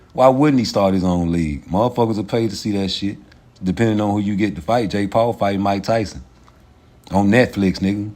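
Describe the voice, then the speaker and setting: A man hosting a casual livestream, ranting in a profane, animated way and laughing often. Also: fairly low pitch. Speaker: livestream host.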